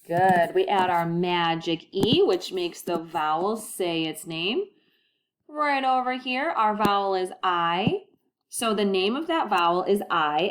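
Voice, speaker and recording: A woman teacher giving a recorded phonics lesson, slow and deliberate, stretching out the model words and praising often. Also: mid-range voice, noisy background. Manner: encouraging, sing-song classroom delivery.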